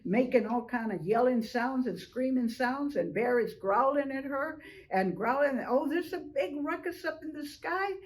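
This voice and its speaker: An older woman telling a traditional animal story slowly, drawing out repeated phrases. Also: high-pitched, slight background noise, rough recording.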